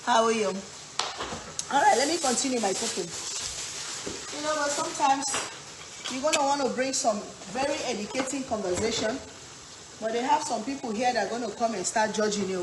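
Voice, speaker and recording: A woman's voice: on the high side, moderate pace, long pauses, noisy background. A woman from Africa, hosting a live cooking stream, chatting and reading viewer comments while she cooks. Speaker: cooking livestream host. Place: home kitchen. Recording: echoey kitchen with frying sizzle. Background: frying and stirring sounds.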